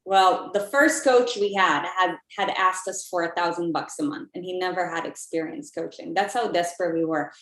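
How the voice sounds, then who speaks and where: A woman's voice: lowish voice, normal speed, few pauses, a bit bright, roomy sound, poor audio. A woman guest on an interview podcast, speaking reflectively in casual talk with frequent fillers. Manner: reflective, talks with filler words.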